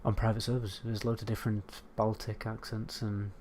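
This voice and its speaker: British guy streaming games, kinda low voice, rambly and sweary, faint hiss behind. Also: little pitch movement, fairly quick, a little mellow. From United Kingdom. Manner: rambling and sweary, answering chat. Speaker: game streamer. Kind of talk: casual livestream chat.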